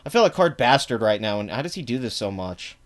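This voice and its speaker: A man's voice: medium pitch, very animated. A young man hosting a reaction video, ranting angrily and profanely about a clip, with frequent fillers. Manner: angry, profane, fast-talking rant with frequent fillers. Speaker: political commentary video host. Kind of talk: reaction rant.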